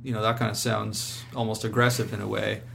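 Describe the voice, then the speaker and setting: Gravelly male interview host. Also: fairly low pitch, level tone, fairly bright tone, a little hiss or hum. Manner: measured, guiding questions.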